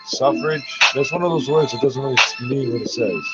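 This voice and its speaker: Profane man stumbling through French aloud. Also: medium pitch. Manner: profane, argumentative, mutters asides under his breath; reads French haltingly, stopping to correct himself. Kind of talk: casual solo recording, reading French aloud and commenting. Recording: dull lo-fi recording with faint music. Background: faint music.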